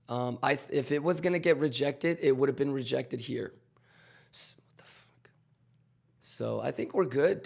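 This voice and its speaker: A man hosting a trading livestream, loud and swaggering, swearing and chanting, his voice hoarse and almost gone. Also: medium pitch. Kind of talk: hyped livestream chat. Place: home.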